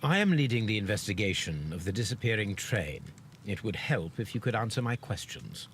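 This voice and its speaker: A man voicing a calm, polite detective in a video game, speaking in a formal, composed way. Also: on the low side, a little fast, a little hiss or hum.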